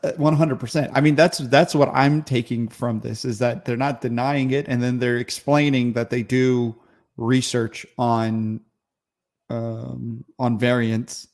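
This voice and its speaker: A man's voice: mid-range voice, fairly even intonation, a little slow, darkish tone. A man co-hosting a casual podcast, reacting and asking puzzled follow-up questions. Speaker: podcast co-host. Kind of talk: casual comedic chat.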